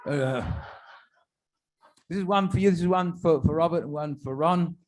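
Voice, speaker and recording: A man's voice: a little high, moderate pace. A man telling a string of jokes to his congregation as a rabbi, with chatty, self-deprecating asides between punchlines. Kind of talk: stand-up joke telling to a congregation.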